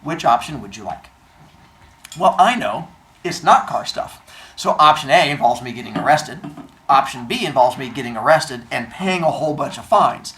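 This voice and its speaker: Lively man telling a story, roomy sound. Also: mid-range voice, moderate pace. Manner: animated, acts out the other people's lines. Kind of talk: casual storytelling. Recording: roomy echo, faint noise.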